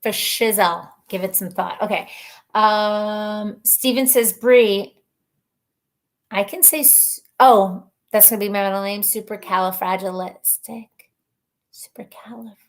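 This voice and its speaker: A woman hosting a casual live stream, reading viewer comments aloud in a chatty, rambling way, laughing often and thinking out loud. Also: medium pitch, fairly even intonation, slow pace. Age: adult mother of children.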